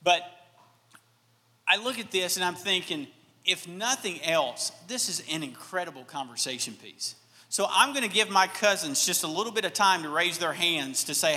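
Southern guy preaching, high bright voice, big hall echo, folksy and jokey. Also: animated, normal speed. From Alabama. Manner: folksy, self-deprecating storytelling. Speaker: pastor. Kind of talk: sermon.

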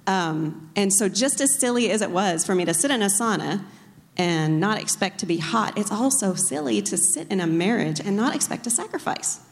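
A woman's voice: mid-range voice, expressive, normal speed. A woman speaking casually at a church talk, chatty and self-deprecating as she tells a personal story. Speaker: co-speaker, pastor's wife. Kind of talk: casual sermon talk with anecdotes. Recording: long reverb of a large hall.

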